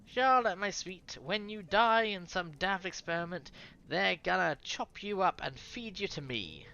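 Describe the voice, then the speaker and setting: Flirty London woman with a teasing manner and lively voice, put on by a reader. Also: fairly low pitch, measured pace, gravelly, lo-fi sound, full character voice. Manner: teasing, affectionate.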